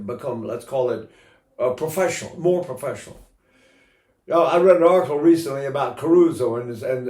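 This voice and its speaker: A man's voice: a little high, reverberant. An older man teaching singing in a casual, rambling way, breaking into sung vowels to demonstrate.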